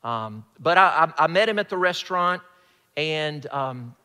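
Brief: male pastor, fairly high bright voice, earnest sermon delivery, long hall reverb. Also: animated, a little slow, clear, resonant tone. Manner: earnest, questioning, drops to a hush at phrase ends.

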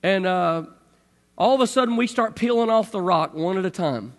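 A middle-aged man with a strikingly high voice tells a story to an audience, lively and full of acted-out sound effects. His voice rings with the long reverb of a large hall. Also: normal speed. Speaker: speaker telling a personal story.

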